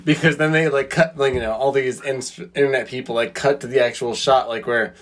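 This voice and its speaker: A man's voice: medium pitch, steady tone, fairly quick, fairly bright tone, slight background noise. A man co-hosting a casual podcast, blunt and stubborn, swearing as he argues and tells stories. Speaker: podcast co-host. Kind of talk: casual chat.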